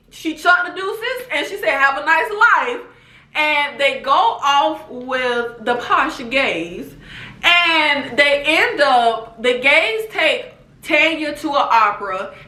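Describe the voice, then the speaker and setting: Lively high-voiced woman recapping a show. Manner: animated, laughs often, talks to viewers as "baby" and "y'all". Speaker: TV recap vlogger. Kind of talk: casual TV show review and recap. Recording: echoey room.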